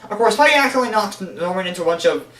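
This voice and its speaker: High-voiced young man in an echoey room. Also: animated, rapid-fire, a bit bright. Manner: rambling, many restarts and fillers. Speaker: show reviewer. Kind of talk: casual countdown commentary. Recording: echoey room, voice a bit far from the mic.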